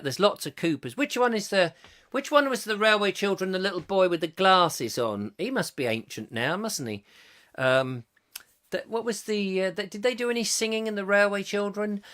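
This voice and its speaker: A man's voice: a little high, fairly bright tone. Rambling, jokey English man. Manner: rambling, jokey, reads viewer comments aloud. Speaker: host. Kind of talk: casual live-stream chat.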